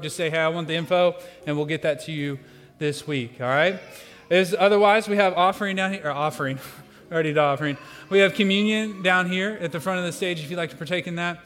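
This man talks fast, his voice sitting high and a bit bright. As pastor, he teaches his congregation through a playful participation activity, joking and coaching, inside a large sanctuary whose long hall reverb fills the recording.

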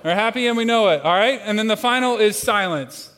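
A man's voice: high voice, animated, brisk, fairly bright tone, a little hiss or hum. A man leading a church congregation through a playful participation exercise, joking and coaching them as he teaches. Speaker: pastor. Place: church sanctuary with a large room. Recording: long hall reverb.

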